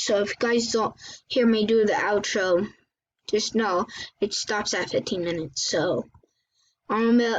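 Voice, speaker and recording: A woman hosting her gaming channel, chatting excitably through live gameplay commentary, often exclaiming and apologizing. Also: medium pitch. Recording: dull lo-fi recording with faint hiss.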